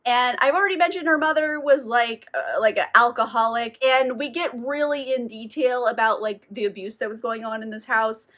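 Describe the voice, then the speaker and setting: A woman's voice: on the high side, moderate pace, hardly any pauses, a bit bright. A woman recapping a novel in a casual, sarcastic way, with swearing and lots of "like". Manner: sarcastic, profane, filler-heavy. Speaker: book reviewer.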